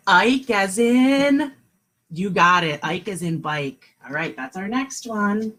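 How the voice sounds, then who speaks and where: Kindergarten teacher, woman, live from home; bouncy, husky, sounds out words slowly for little kids. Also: fairly low pitch, a bit bright, low-quality recording. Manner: sing-song, encouraging teacher voice, slows to sound out words. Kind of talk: live online lesson for young children.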